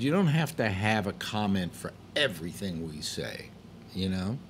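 A man's voice: on the low side, a little hiss or hum. A man hosting his own show, talking casually in a rambling way, full of fillers, restarts and the odd curse when frustrated. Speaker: host. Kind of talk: casual monologue.

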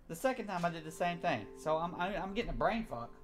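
A man's voice: sits high, sing-song, fast, hardly any pauses, soft background music. Swearing, frustrated man muttering gameplay. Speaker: gamer. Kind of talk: gameplay commentary.

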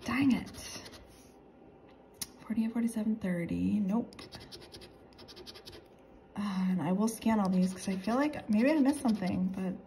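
A woman calling out numbers as she scratches lottery tickets, excitable and quick to laugh. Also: mid-range voice, slight background noise. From North Carolina. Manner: reads numbers aloud, excitable, laughs often. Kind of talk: casual commentary while scratching tickets.

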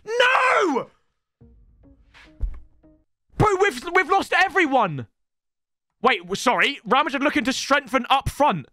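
A young man giving excitable, swear-filled commentary on his football video game, often yelling at the game. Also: very high voice, moderate pace, no room sound, clean studio sound, soft background music. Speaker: gaming YouTuber. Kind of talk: let's-play gaming commentary.

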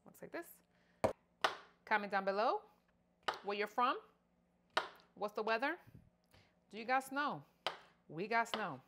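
A middle-aged woman talks casually and playfully into a clip-on mic as she cooks, tossing joking asides to her viewers. She speaks at an ordinary middle pitch. Faint chopping and kitchen clatter sit behind her. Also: animated, measured pace, pauses often, noisy background. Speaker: lifestyle vlogger. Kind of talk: casual cook-along vlog chat. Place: home kitchen, indoors. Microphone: wireless clip-on mic.

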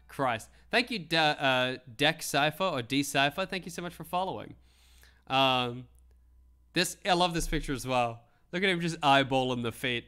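A man's voice: fairly high pitch, animated, normal speed, bright, forceful tone, clean tone. A man hosting a live stream, giving comedic commentary with mock outrage, laughter and casual swearing. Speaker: livestream host.

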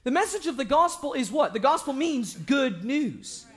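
A young man preaching an evangelistic sermon in a church, joking with the congregation and breaking into shouts for emphasis. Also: very high voice, moderate pace. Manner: animated, joking, bursts into shouting.

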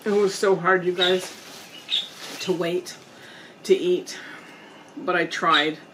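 Slow-talking woman chatting while she eats. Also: lowish voice, fairly even intonation, noisy background. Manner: slow, chatty, pauses to eat and savor. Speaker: mukbang vlogger. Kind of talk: casual eating vlog chat. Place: indoors at home, storm outside.

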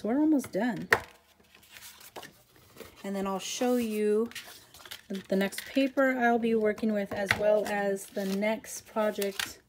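A woman's voice: medium pitch, a little mellow, a little hiss or hum. A woman hosting a casual papercraft tutorial, chatty and rambling, with self-deprecating asides as she works.

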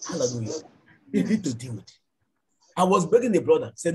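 A man's voice: a little high, big pitch swings, fairly quick, a crowd in the background, low-quality recording. A man preaching a church sermon and leading fervent prayer, repeating his lines again and again. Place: church service.

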